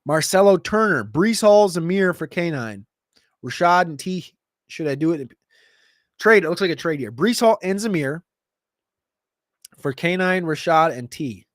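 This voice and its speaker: A man hosting a casual livestream Q&A, answering viewer questions in a quick, chatty way with sudden jumps in pitch. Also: animated, dry recording, clean studio sound. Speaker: fantasy football show host.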